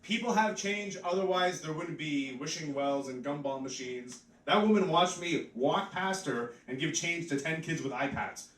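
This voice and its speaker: Male stand-up comic with a rambling, offhand delivery, slightly high voice, heard from afar in a roomy pub. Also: moderate pace, hardly any pauses, fairly bright tone, far from the mic. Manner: rambling and offhand, full of "like" fillers. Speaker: stand-up comedian. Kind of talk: live stand-up comedy. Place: pub stage, live audience.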